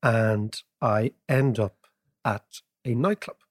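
A man, co-hosting a podcast, telling stories and explaining economics in an animated way, laughing as he goes. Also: on the low side, takes it slowly. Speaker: podcast co-host. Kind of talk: casual storytelling and economics chat.

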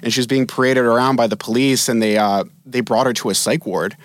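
A man's voice: medium pitch, steady tone, brisk, no echo. Guy rambling through a story, lots of likes, dry close mic. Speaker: guest. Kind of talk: casual chat.

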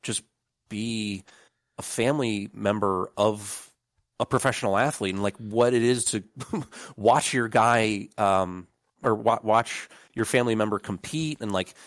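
A man's voice: lowish voice, unhurried, a bit bright, no room sound, studio quality. A young man co-hosting a casual sports podcast, talking in a rambling, profane way with lots of filler words. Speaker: podcast co-host.

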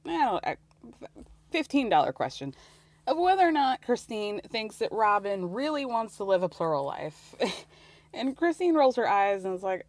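A woman's voice: fairly high pitch, big pitch swings, a little slow, pauses often, darkish tone, no echo. A woman hosting a podcast, recapping a reality show in a sarcastic, casual way and laughing often. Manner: sarcastic, laughs often, acts out quotes in mocking voices.

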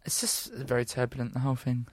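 A man's voice: medium pitch, level tone, quick pace, a little mellow, slight background noise. A man with a London accent, co-hosting a comedy podcast in sheepish, self-deprecating banter. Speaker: podcast co-host. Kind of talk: casual comedic chat.

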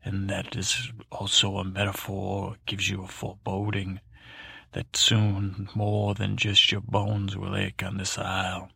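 A worldly old tomcat spins a meandering sea tale in a hushed voice, as a man puts him on. The voice is gravelly and raspy, recorded close and dry. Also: low-pitched, completely flat delivery, a little slow, dry recording, full character voice. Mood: hushed, soothing. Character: worldly old tomcat storyteller, soothing, salty. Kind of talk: bedtime story to help sleep.

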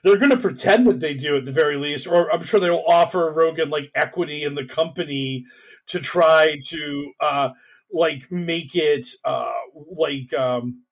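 A man with a slightly raised pitch talks through a casual podcast discussion. He rambles, restarts often and drops into mocking voices for the people he describes. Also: normal speed. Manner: rambling, many fillers, mocking quoted voices. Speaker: podcast co-host. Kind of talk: casual political chat.

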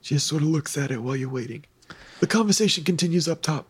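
High-voiced, husky game master. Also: male voice, lively intonation, fast, no echo. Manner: playful, teasing narration. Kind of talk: narrating a tabletop game.

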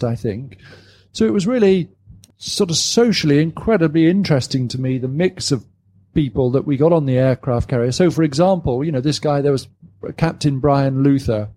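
A man from Britain, guest at a live audience event, with a somewhat high but mellow, dark voice. He talks casually and thinks aloud, often repeating words and correcting himself. The delivery is conversational and meandering. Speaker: author guest. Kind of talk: casual conversation about his book.

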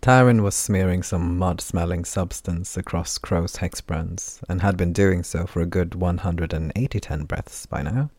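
Male audiobook narrator, deep, dry close read, steady pacing. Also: unhurried, few pauses, no echo. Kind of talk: audiobook narration of a fantasy novel.

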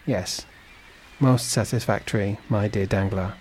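A man's voice: lowish voice, steady tone, a little slow, darkish tone, slight background noise, close to an everyday voice, low-quality recording. Kind fatherly ship owner guy, a man doing him in a story, asks lots of questions. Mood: kindly. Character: male shipowner, warm and fatherly employer.

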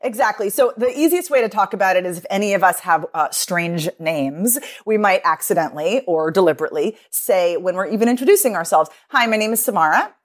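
A woman's voice: fairly low pitch, brisk, few pauses. Woman explaining voice habits. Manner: explanatory, demonstrates vocal techniques while talking. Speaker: guest author and voice coach. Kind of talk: remote podcast conversation. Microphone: remote recording over an online call.

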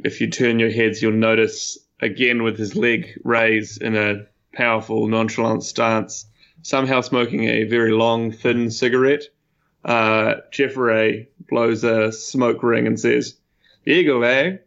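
Gravelly man with a lo-fi sound. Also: lowish voice, fairly bright tone. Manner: hesitant, many fillers. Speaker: player. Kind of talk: tabletop game play.

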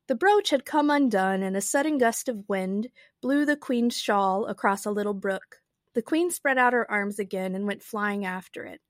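Woman host, chatty and amused, reads aloud; bright lively pitch, dry close sound. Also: normal speed, no echo. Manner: chatty, wondering, amused asides. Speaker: podcast host and reader. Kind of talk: casual musing and reading aloud.

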